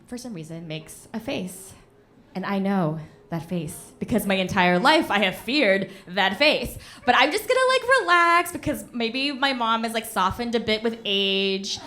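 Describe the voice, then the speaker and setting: A young woman telling a comedic story on a stage in front of an audience, animated, punchy and often laughing. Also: mid-range voice. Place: stage of a live venue before an audience.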